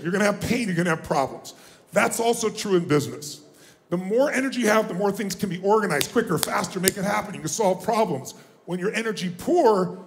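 A man giving a live motivational seminar, booming and exhorting, pushing the audience to shout answers. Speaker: motivational speaker. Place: large conference room with audience. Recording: echoey live room with faint noise.

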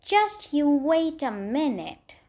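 A woman's voice: high voice, very animated, slow, darkish tone, full character voice. A woman voicing an envious, spiteful young maid who speaks rudely and sneeringly in a storybook reading. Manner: rude, sneering.

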